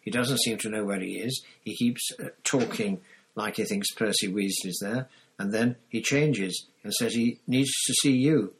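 A low-voiced, husky man voicing a panicky teenage boy wizard in a storybook reading, raising his pitch and pushing the words out urgently. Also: poor audio. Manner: raised, hurried, pleading delivery.

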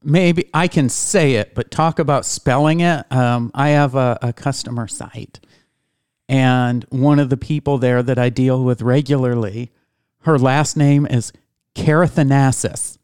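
A man's voice: mid-range voice, steady tone, a little slow, a little mellow, clear, resonant tone, no room sound, studio quality. A man co-hosting a comedy radio talk show, making wry, offhand remarks. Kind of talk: casual comedic chat.

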